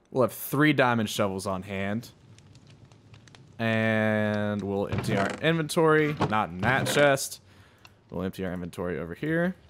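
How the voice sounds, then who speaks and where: A man's voice: lowish voice, slight background noise. A man casually commenting on his own gameplay, chatting to himself and to the animals in the game. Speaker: gaming channel host. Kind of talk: casual let's-play commentary.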